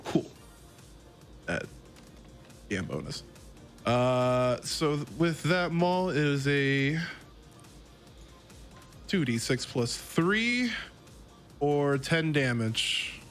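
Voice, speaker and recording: Lively man thinking aloud over dice. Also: fairly high pitch, drawn-out words, long pauses, faint music behind. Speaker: player. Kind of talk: tabletop game play.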